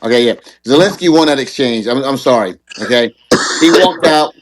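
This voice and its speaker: A man's voice: mid-range voice, animated, moderate pace. A man hosting a live debate show, talking casually and repeating phrases as he makes his point. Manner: conversational, repeats phrases, stammers on restarts. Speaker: show host.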